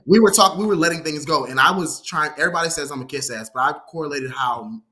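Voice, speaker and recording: Talking fast in a slightly high voice, this guest, a former assistant in his 30s, animatedly recounts a story during a casual interview. He performs the quoted dialogue of others and drops "you feel me" often.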